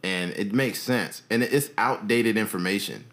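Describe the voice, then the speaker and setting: A man's voice: lowish voice, normal speed, a bit bright. A man co-hosting a casual podcast, talking in a laid-back, easygoing way, swearing casually and laughing often. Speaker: podcast co-host. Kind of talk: casual chat.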